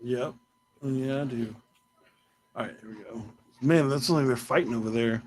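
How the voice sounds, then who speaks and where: A man's voice: mid-range voice, moderate pace, darkish tone, a little hiss or hum. A man hosting a podcast, chatting casually with playful, self-mocking jokes and rambling asides. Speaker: podcast host. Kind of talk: casual interview chat.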